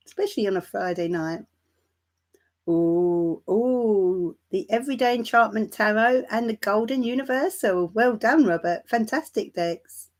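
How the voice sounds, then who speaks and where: A woman hosting a tarot live stream, chatting warmly and calling viewers darling and my love. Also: a little high. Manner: laughs lightly between remarks. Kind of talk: casual livestream chat greeting viewers.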